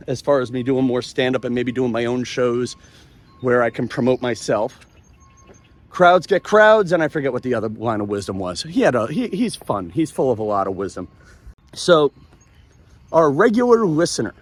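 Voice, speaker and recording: A podcast host in his forties walks along a beach recording on a handheld phone, delivering an animated, joking monologue full of rambling asides. His voice is a little high and the recording sounds dry.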